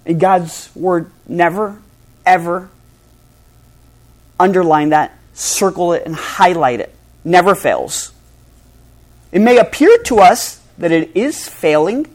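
A male pastor preaching a sermon to a congregation, swinging between loud emphasis and hushed, soft passages. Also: high-pitched, animated, takes it slowly, long pauses. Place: church hall before a congregation.

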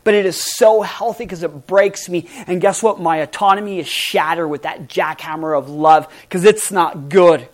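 A middle-aged pastor delivers a sermon with emphasis and energy, his volume rising loud and dropping soft. His voice sits high, his pace is moderate, and he barely pauses.

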